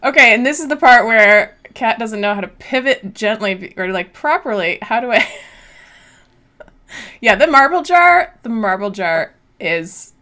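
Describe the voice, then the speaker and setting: A woman's voice: on the high side, lively intonation, a little slow, sharp tone. Giggly chatty female co-host. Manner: giggly, chatty, laughs often. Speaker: co-host of a live-stream show. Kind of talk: casual live-stream chat.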